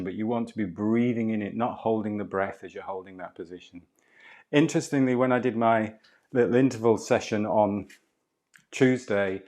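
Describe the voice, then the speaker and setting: Calm man guiding a qigong class. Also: on the low side. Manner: calm, unhurried cueing of breath and posture. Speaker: qigong and movement instructor. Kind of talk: guided movement class with chatty asides.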